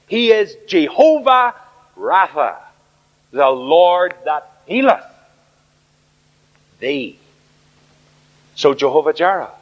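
A man preaching an earnest sermon at a Bible study, asking rhetorical questions. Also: a little high. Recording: echoey hall, dull lo-fi sound.

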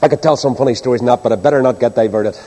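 A man's voice: medium pitch, racing, dark tone. A man preaching a sermon, asking the congregation rhetorical questions. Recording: long hall reverb.

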